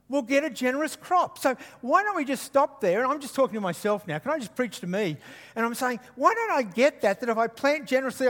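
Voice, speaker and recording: Brief: male preacher from Queensland, very high voice, lively and teasing with the crowd, long hall reverb. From Queensland, Australia. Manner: animated, jokey asides to the congregation. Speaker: guest preacher. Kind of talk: sermon. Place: church hall.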